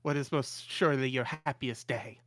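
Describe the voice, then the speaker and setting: A man's voice: mid-range voice, normal speed, a bit bright, no room sound, lightly acted. A man doing a flustered young priest's assistant. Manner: hesitant, stumbling with many "uh"s.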